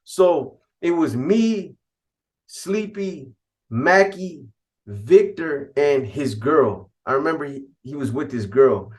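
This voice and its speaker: A man's voice: on the high side, lively intonation, slow, a little mellow. A man casually telling a first-person story in laid-back street slang, with frequent restarts and asides. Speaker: podcast storyteller.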